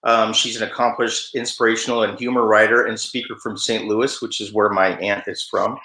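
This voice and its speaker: A man's voice: fairly low pitch, little pitch movement, brisk, pushed and bright. A man hosting an event who praises a contest winner and introduces the next one in a casual, encouraging way. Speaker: event host. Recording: roomy echo.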